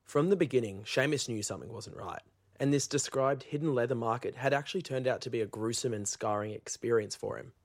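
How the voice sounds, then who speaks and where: A male narrator reads scripted links between scenes in a measured, dramatic way. His voice sits in a middle pitch.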